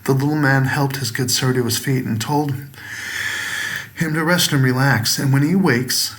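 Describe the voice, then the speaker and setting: Man, narrator, gothic horror reading, measured, dramatic. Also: mid-range voice, fairly bright tone. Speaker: author and narrator.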